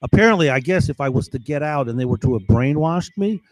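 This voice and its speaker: A man's voice: a little high, expressive, quick pace, no room sound, low-quality recording. A man telling a personal story in a casual, rambling, boastful way, swearing often. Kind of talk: casual first-person account.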